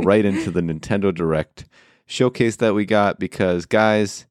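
A man's voice: lowish voice, normal speed, a little mellow, no echo, studio quality. A man co-hosting a casual gaming podcast, playful and joking as he runs through the lineup. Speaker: podcast co-host. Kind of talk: casual chat.

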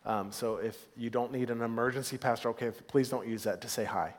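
Earnest pastor preaching in a reverberant hall. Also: male voice, medium pitch, fairly even intonation, brisk. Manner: earnest, swings from soft and hushed to upbeat and loud. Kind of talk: sermon. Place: church sanctuary.

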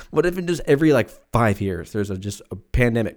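Talking quickly with hardly any pauses, a man in his twenties uses a lowish, slightly mellow voice with lively intonation. He hosts his podcast solo, rambling, cursing freely and slipping into silly over-the-top voices. The setting is a room at home with the windows open.

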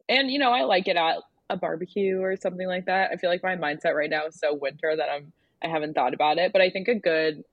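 A woman food creator guesting on a podcast, upbeat and relaxed, laughing often as she chats. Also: low voice, no room sound, lo-fi sound. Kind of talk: casual interview chat.

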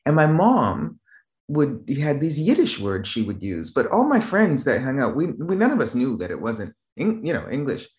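A man's voice: huge pitch swings, normal speed, a little mellow. A man from the Boston area, a business trainer, telling stories in a loose, rambling way and checking in with "right?" as he goes. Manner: rambling, frequent "right?" check-ins and restarts; acts out quoted voices in a raised pitch. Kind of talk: casual conversational storytelling.

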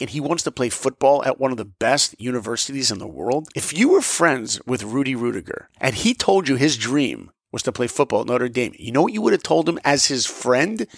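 Male motivational storyteller, gravelly voice, dry sound. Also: medium pitch, dry recording. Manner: animated, acts out dialogue. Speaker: motivational podcast speaker. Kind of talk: personal storytelling talk.

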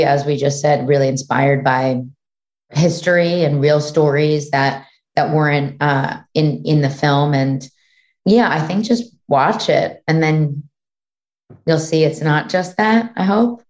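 A woman with a low-pitched voice answers questions in a casual interview. She speaks haltingly and searches for her words as she goes. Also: darkish tone. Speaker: co-creator of a series.

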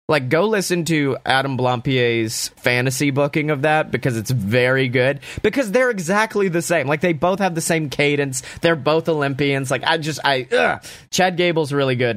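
A man recapping a wrestling show in a casual, enthusiastic way, swearing freely and throwing in quick asides. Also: fairly high pitch, fairly bright tone, no echo.

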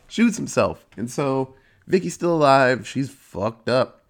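A man giving a casual, profane recap of a horror movie, telling it in an animated way with sudden jumps in pitch. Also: a little slow. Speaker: movie reviewer.

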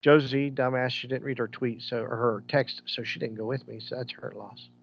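Another podcast co-host, this man rambles through movie recaps in casual chat, restarting sentences and laughing as he tells his stories. His medium-pitched voice is gravelly and husky, moves little in pitch, and comes at a normal speed, with the highs cut off in the audio.

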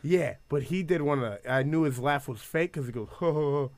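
A man's voice: medium pitch, animated, a little fast, no room sound. A man who does stand-up, telling a story in casual podcast chat, swearing and laughing as he goes. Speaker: stand-up comedian. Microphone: studio mic on camera.

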